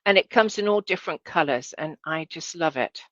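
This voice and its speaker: A lower-voiced woman teaches a sewing lesson in a relaxed, chatty way, often correcting herself and checking that viewers can see. The sound is dry and a little dull. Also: brisk, no echo. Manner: chatty, self-correcting, asks viewers to look. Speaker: sewing instructor. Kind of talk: casual demonstration lesson.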